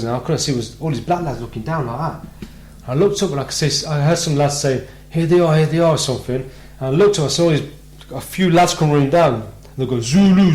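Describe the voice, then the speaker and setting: A man from Britain hosting a live radio show, telling a personal story in a lively way and acting out the voices of the people in it. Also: medium pitch, reverberant, low-quality recording. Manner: animated storyteller, acts out quoted voices. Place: radio studio.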